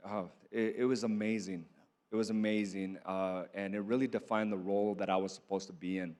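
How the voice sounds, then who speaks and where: A man speaking on a panel, reflective and halting as he talks about being a father. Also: fairly low pitch, little pitch movement, a little mellow.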